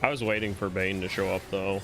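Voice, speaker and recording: A man playing an online game with friends, giving quick short reactions and casual comments. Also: deep voice, fairly even intonation, fairly bright tone, low-quality recording. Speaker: fellow player. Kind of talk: casual gaming chat. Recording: faint game music behind.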